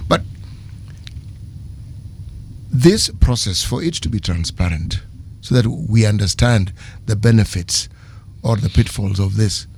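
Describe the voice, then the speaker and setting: Radio host asking probing questions. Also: male voice, fairly low pitch, unhurried, vocal fry, darkish tone, slight background noise. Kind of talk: radio interview.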